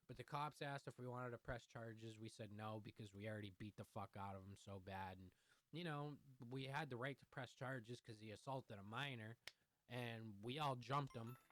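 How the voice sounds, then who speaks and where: A man's voice: medium pitch, fairly bright tone, dry recording. A young man telling a heated, profanity-heavy story in a storytime vlog. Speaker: vlogger.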